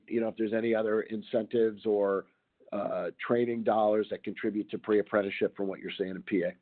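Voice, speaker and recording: A man's voice: fairly low pitch, no echo. A man moderating a webinar, talking conversationally while losing his voice. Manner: conversational, thanks guests warmly. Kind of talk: webinar discussion. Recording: tinny phone-line audio, dry.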